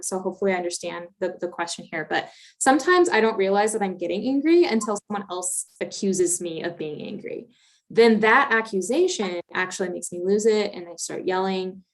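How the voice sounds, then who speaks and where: A woman hosts a livestream question session and reads out viewer questions. She sounds friendly and affirming, with many fillers in her speech. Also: mid-range voice. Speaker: livestream host reading questions. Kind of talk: livestream Q&A hosting.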